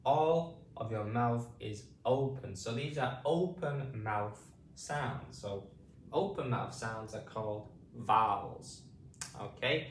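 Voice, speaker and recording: A British man teaching phonics, repeating drawn-out vowel sounds slowly for beginners. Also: medium pitch, reverberant, recorded from a distance, a little hiss or hum. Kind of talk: slow spoken pronunciation lesson.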